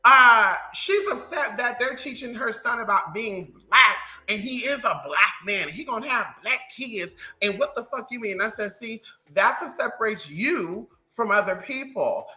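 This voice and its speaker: A livestream host ranting casually to viewers in a sassy, profane, animated way. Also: mid-range voice, low-quality recording. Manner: animated storytelling.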